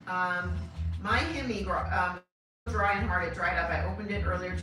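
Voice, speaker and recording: A woman's voice: lowish voice, normal speed, distant mic, music in the background. Chatty woman off-mic in an echoey room. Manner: chatty, teasing, reads questions aloud. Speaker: co-host reading viewer questions. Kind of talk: casual livestream chat.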